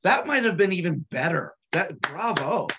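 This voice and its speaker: A man asking interview questions in an excitable, enthusiastic way. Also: high voice, moderate pace, vocal fry, husky. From United States. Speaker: magician interviewing the host. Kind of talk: casual interview chat.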